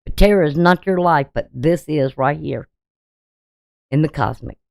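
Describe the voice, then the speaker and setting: Emphatic low-voiced woman astrologer. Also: moderate pace, creaky, a little mellow, no room sound, studio quality. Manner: emphatic, preachy, full of rhetorical questions. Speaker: astrologer and tarot reader. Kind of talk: astrology forecast talk.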